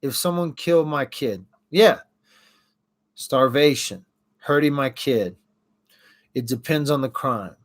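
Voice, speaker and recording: A middle-aged man casually chatting on a livestream, reacting to viewers' comments as he talks. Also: medium pitch. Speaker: livestream host.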